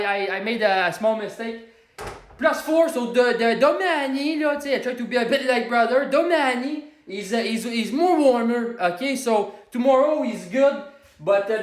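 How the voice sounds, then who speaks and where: Guy putting on a high-voiced quebecois hothead, loud and cussing, quebec french accent, echoey room. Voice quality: loud, profane, broken English mixed with French. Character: brash excitable Quebecois man, swearing would-be politician. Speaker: comedic weather forecaster. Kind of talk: comedic live-stream monologue.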